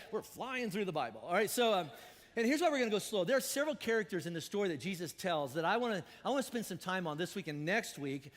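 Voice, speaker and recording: A man preaching a sermon as pastor, animated and swinging from loud to hushed. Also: sits high, in a large hall. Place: church auditorium.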